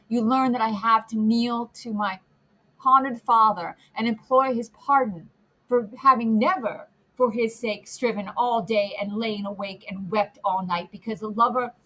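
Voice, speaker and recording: A tender young daughter pleading softly with her father, as a woman reads her. The voice is breathy and fairly high, imploring in long, repeated phrases, like a storybook scene. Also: poor audio. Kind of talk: audiobook character reading.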